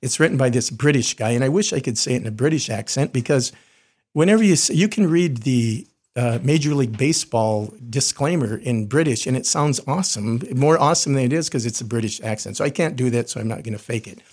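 Middle-aged male chaplain, slightly raspy, plain mid pitch, casual earnest teaching delivery with restarts. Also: fairly quick, a little mellow. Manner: earnest, conversational, frequent restarts. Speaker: corporate chaplain. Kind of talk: podcast teaching talk.

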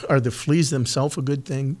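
A man giving an earnest devotional talk and prayer, speaking slowly and emphatically with pauses, at times emotional. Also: mid-range voice, steady tone, a little mellow. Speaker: podcast host giving a devotional.

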